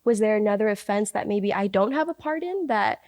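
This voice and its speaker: A woman's voice: medium pitch, lively intonation, fairly quick, dry recording, studio quality. A woman hosting a casual podcast conversation, affirming and full of backchannel responses. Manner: warmly affirming, many backchannels. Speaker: podcast host.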